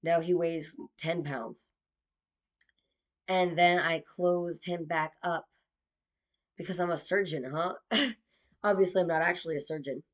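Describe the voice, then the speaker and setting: Slow-talking profane woman comedian. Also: lowish voice, fairly even intonation. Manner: profane, mixes in Spanish phrases. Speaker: stand-up comedian. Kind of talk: stand-up comedy.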